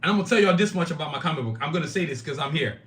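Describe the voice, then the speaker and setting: A man's voice: a little high, lively intonation, racing, a bit bright. A man hosting his own live-streamed podcast, talking emphatically and bluntly, with frequent profanity, straight to his chat. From Nigeria. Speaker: podcast host.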